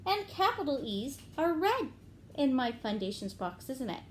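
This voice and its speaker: A woman teacher giving a gentle phonics lesson to young children, clapping out words syllable by syllable. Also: sits high, big pitch swings, unhurried, a little hiss or hum.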